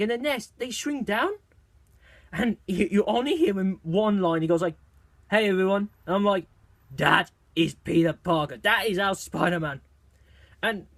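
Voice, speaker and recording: A man reviewing a movie trailer in a casual video, talking excitedly in a rambling way with lots of restarts and fillers. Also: very high voice, dry recording.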